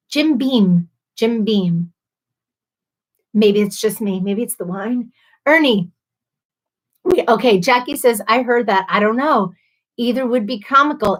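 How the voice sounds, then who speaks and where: A woman hosting a casual live stream, laughing a lot and a little tipsy from wine as she reads out viewer comments. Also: fairly high pitch. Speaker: livestream host.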